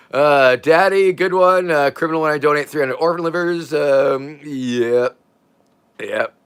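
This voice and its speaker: Bright-voiced older man chatting on a livestream. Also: on the high side, takes it slowly, smooth. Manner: rambling, chuckling, drifts between loud and quiet. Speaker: livestream host. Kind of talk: casual livestream chat reading comments.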